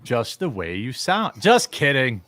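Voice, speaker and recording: A man's voice: mid-range voice, wildly swooping pitch, a little slow, fairly bright tone, no room sound. Man, streamer host, casual rambling chat, joking, dry close sound. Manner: rambling, joking, laughs often.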